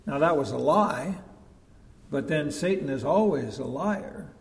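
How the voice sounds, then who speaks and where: A man preaching a sermon as pastor, measured and emphatic, dropping to a hush on key points. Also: a little high, lively intonation. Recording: long echo of a large hall.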